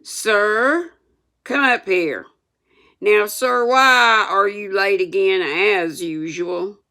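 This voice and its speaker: A woman voicing a strict, pompous older male schoolmaster who barks sharp, scolding commands in a storybook reading. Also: mid-range voice, sing-song, a little slow, creaky, heavily acted.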